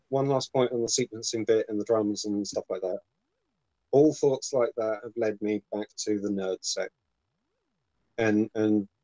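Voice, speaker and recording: Low-voiced man on a dry video call. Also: dark tone, dry recording, poor audio. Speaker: host. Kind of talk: casual chat.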